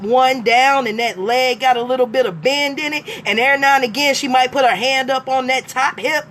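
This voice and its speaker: A woman on a live stream, delivering a blunt, profane rant that swings from emphatic talk to shouting. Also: high-pitched, slight background noise. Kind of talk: profane ranting monologue.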